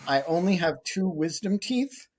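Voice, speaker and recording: A man's voice: sits high, expressive, moderate pace, slight background noise. Wry man telling a story. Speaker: podcast guest, former co-host. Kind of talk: casual chat.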